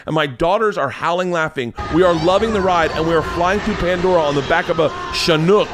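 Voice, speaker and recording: A man in his forties, a comedian, spins a story with swearing and excited asides. His voice sits a touch high. It is recorded close up on a dry, dead mic. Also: fairly quick, few pauses, no room sound. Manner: profane, excitable. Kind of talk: casual storytelling.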